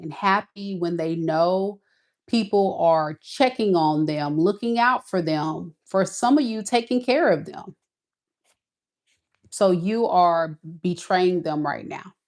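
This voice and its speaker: Woman tarot reader, casual monologue, emphatic and sassy, a bit low. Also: a little mellow.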